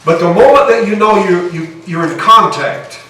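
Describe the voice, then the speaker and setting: A man's voice: sits high, lively intonation, moderate pace, pushed and bright. Earnest preaching man, echoey and distant. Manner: earnest, restarts phrases while building a point. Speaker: pastor. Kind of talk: sermon. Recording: echoey hall, voice from far off the mic.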